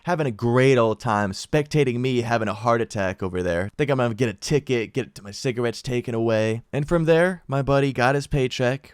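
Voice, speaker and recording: A young man telling a story from his own life as casual vlog commentary, animated, slangy and full of swearing. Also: medium pitch, smooth, dry recording, studio quality. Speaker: YouTuber.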